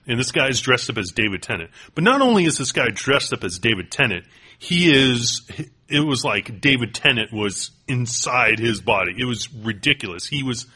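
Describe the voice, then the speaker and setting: A man co-hosting a podcast in casual chat, an excitable storyteller who piles up fillers and restarts. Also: medium pitch, breathy edge. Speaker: podcast co-host.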